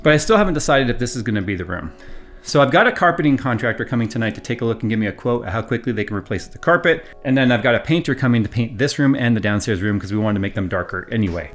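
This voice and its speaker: Male vlogger, 30s, chatty, roams room to room and restarts his sentences. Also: medium pitch. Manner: rambling and conversational, restarts sentences. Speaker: tech YouTuber showing his home. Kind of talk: casual vlog walkthrough. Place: house, walking between rooms.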